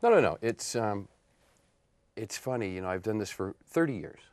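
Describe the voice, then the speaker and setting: A man in his fifties, an actor and model, telling stories about his career in a relaxed interview, often laughing. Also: fairly low pitch, moderate pace, no room sound. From Portland area, United States. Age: 50s. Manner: animated storyteller, laughs often. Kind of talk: casual interview chat.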